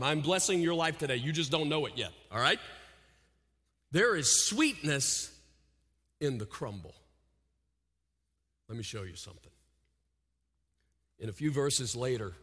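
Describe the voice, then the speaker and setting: A man preaching a sermon, dropping to hushed, intimate lows and rising to loud pleading cries. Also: normal speed, long pauses, big-room sound. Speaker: pastor.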